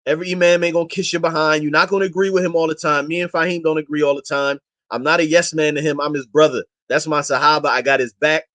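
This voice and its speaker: A man who talks quickly in a fairly high voice, pushing his points home with impassioned, slangy emphasis. He sounds like an interview guest speaking off the cuff and exhorting the people listening. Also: little pitch movement, bright, forceful tone. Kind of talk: casual interview talk.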